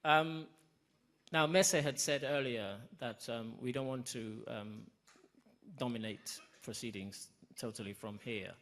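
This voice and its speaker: A man's voice: medium pitch, takes it slowly, fairly bright tone. A man chairing a panel at a public event, speaking emphatically with self-deprecating asides. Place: conference hall.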